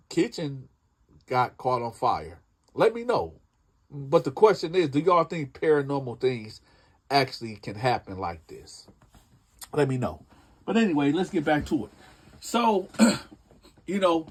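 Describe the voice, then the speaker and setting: High-voiced chatty male storyteller. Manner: chatty, addresses listeners directly. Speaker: prison storyteller. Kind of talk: casual storytelling.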